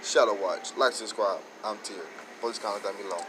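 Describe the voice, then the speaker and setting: A man hosting his own channel, giving a rambling, excited casual review with many restarts and self-corrections. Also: on the low side, moderate pace, noisy background. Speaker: show host reviewing episodes.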